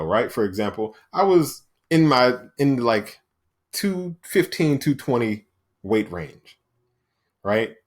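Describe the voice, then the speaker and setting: A man with an ordinary mid-range voice talks straight to his listeners in a motivational monologue. He is emphatic and punchy, often asking "right?" and slipping into the voices he describes. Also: medium pitch. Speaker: podcast host.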